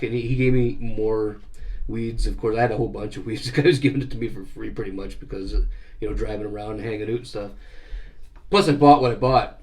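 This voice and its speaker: A middle-aged man telling stories casually on a vlog, cursing freely and growing animated. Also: medium pitch, brisk. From Canada. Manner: profane, animated storyteller. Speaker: vlogger. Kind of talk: casual storytelling.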